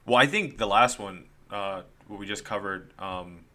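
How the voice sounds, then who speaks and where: A man's voice: lowish voice, normal speed, bright, forceful tone. A man co-hosting a casual comic podcast, laughing often as he retells scenes and acts out lines. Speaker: podcast co-host. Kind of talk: casual chat recapping comics.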